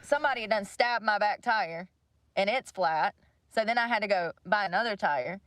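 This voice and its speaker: A woman's voice: medium pitch, normal speed, a bit bright, no echo. Casting: young woman, livestream host, blunt and profane, dry close sound. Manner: blunt, swears freely, venting about money. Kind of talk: casual rant to viewers.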